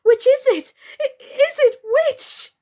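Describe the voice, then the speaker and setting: A woman's voice: slow pace, warm tone. A woman reading aloud, voicing a flustered, fluttery celluloid girl doll in a children's storybook. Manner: high, breathless and anxious.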